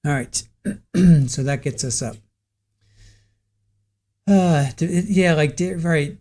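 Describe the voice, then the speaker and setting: Male trial-stream host, casual and rambling, voice sitting a little high. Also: slow, darkish tone. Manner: rambling, repeats a name to practice it. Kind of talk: casual live-stream commentary.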